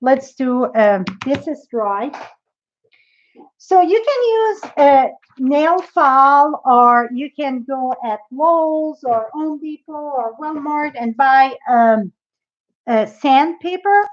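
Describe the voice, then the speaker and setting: A woman's voice: high voice, animated, slow pace, dull audio. A woman demonstrating a craft project in a live tutorial, chatty and thinking aloud as she works.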